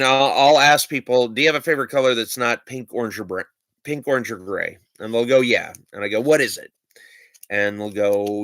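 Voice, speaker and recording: A man's voice: mid-range voice, a bit bright, no echo. A man casually showing his trick cards on a stream, rambling and hesitant, with many fillers and restarts. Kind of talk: casual show-and-tell of magic cards.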